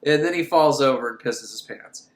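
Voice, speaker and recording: A man's voice: medium pitch, normal speed, echoey room. A young man hosting a comic film recap, sarcastic and joking, laughing often. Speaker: podcast host.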